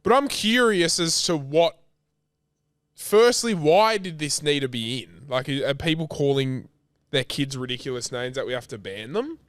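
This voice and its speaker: A man's voice: fairly high pitch, expressive, moderate pace, smooth, no room sound, studio quality. A young Australian man co-hosting a podcast, bantering bluntly with lots of swearing in casual chat. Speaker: podcast co-host.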